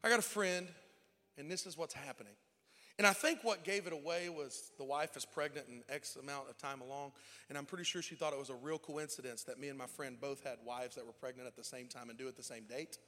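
A young adult man preaching a sermon in a church, tearful and emotional, dropping to near whispers and rising to shouted cries. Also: mid-range voice, fairly quick. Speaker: pastor. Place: church sanctuary. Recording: long hall reverb with faint music.

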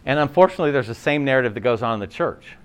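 A man preaching a sermon in a conversational, animated way, often restarting his sentences. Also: mid-range voice, racing, clean tone. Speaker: pastor.

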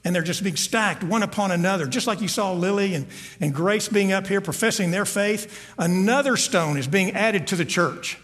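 High-voiced man preaching in a reverberant hall. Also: normal speed, fairly bright tone. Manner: earnest, repeats words when searching. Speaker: pastor. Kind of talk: sermon. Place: church sanctuary.

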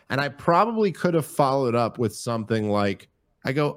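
A man talking as a podcast guest in casual chat, animated, profane and rambling. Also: medium pitch, normal speed, no echo, studio quality.

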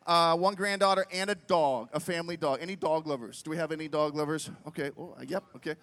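Speaking quickly, a middle-aged festival speaker from Pittsburgh, United States, delivers a funny storytelling sermon in a bright, fairly high voice. Animated and full of fillers such as "like" and "right?", he keeps firing questions at the audience. His voice echoes at length through the big venue.

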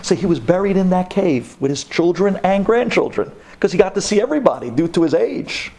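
A man, a rabbi, telling a story to an audience, animated and dramatic, sprinkling in Hebrew terms. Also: fairly quick, slight background noise. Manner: animated, voice jumps up high for dramatic moments.

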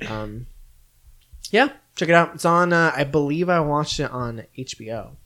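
A man's voice: on the high side, moderate pace. Rambling casual man reviewing films. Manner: relaxed, rambling, many "like" fillers. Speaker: podcast co-host reviewing films. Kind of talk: casual chat.

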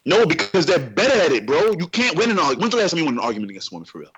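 A man's voice: on the high side, sing-song, rapid-fire, dull audio, crowd noise. A man co-hosting a podcast, pushing back skeptically and incredulously in casual banter. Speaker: podcast co-host.

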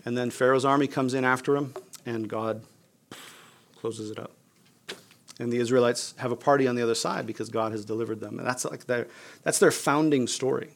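A man preaching a sermon in a relaxed, chatty manner, explaining scripture like he is talking to friends. His voice sits mid-range with a gravelly, lightly fried texture. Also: mid-range voice, brisk, slight background noise. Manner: conversational, casual with fillers like "you guys" and "like". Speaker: pastor.

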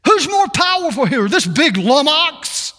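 High, animated preaching man in echoey hall. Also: unhurried. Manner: animated preaching, voices quotes with attitude. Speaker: pastor. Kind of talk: sermon.

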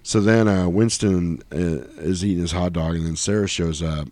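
Here a middle-aged podcast co-host rambles casually through a film recap, slipping into voices to quote scenes. His pitch is low, his intonation fairly even, and he talks at a moderate pace with a slightly mellow sound.

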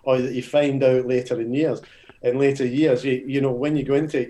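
An older man from Scotland, a football coach interviewed as a guest, talking in a modest, relaxed and reflective way. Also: medium pitch, brisk. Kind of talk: casual interview chat.

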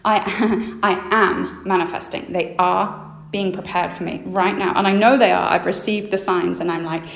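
A woman hosting a solo mindset podcast, acting out her inner thoughts with lively shifts of voice. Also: on the low side, normal speed, vocal fry, slight background noise. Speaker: podcast host. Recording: roomy echo.

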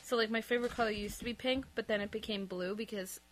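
A young woman co-hosting a casual movie commentary podcast, chatty and animated, laughing often. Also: medium pitch, fast talker, a little hiss or hum. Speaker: podcast co-host.

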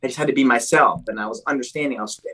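Rapid-fire and slightly breathy, a young man at a medium pitch tells his story as a podcast guest. The chat is casual and animated, full of "dude" and restarted sentences.

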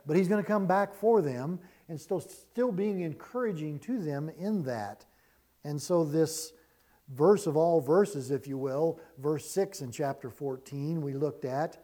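A male pastor delivering a sermon in a slightly high but mellow voice. He reads scripture aloud and then teaches, leaning on key words for emphasis.

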